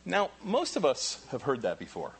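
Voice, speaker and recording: A man preaching a sermon as pastor, animated and repeating key phrases for emphasis. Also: medium pitch, moderate pace, breathy edge.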